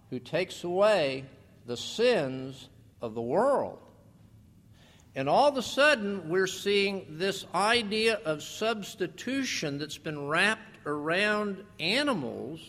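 A man preaching a sermon as pastor, animated, slowing down for scripture and putting questions to the congregation. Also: sits high. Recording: long reverb of a large hall.

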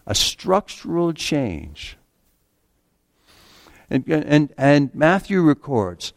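A man preaching a sermon in an earnest way, slowing down to read scripture aloud and stumbling over the odd restart. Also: on the high side, sing-song, vocal fry, no echo, clean studio sound.

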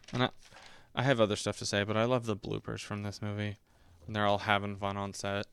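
A man in his twenties chatting casually about a movie, rambling and self-mocking, often breaking into squeaky high put-on voices. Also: flat delivery, brisk, gravelly, a little hiss or hum. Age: 20s. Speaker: podcast host reviewing a movie.

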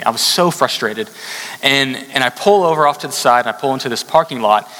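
Man, pastor, conversational sermon delivery, bright and forceful tone, fairly high voice, long hall reverb. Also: fairly quick. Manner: conversational, animated storytelling with asides.

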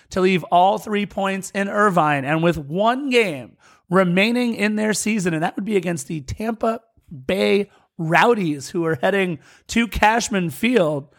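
High-voiced man recapping soccer results. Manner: quick, jokey recap delivery. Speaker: podcast co-host. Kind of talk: casual sports podcast chat.

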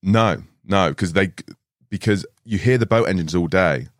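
A man's voice: sits low, normal speed, no echo, clean studio sound. A man, a carp angler guest on a podcast, telling a rambling story with frequent laughs and restarts. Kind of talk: casual storytelling chat. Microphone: studio podcast mic.

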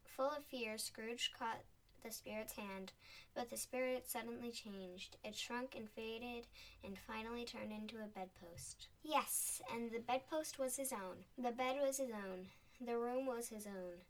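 A woman reading a storybook aloud in a clear, expressive way. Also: a little high, unhurried. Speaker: narrator. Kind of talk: storybook narration. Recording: voice a bit distant from the mic.

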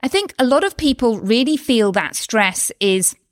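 A woman's voice: fairly high pitch, no room sound, clean studio sound. A woman, talking casually and animatedly as a health coach on her solo podcast. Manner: chatty and animated, with frequent exclamations and quick asides. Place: lives in Spain.

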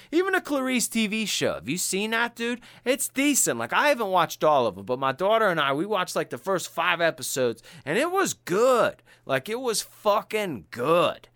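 Animated, bright-voiced, profane podcast host. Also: male voice, fairly high pitch, no room sound. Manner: animated and profane, slangy storytelling. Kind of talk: casual podcast chat.

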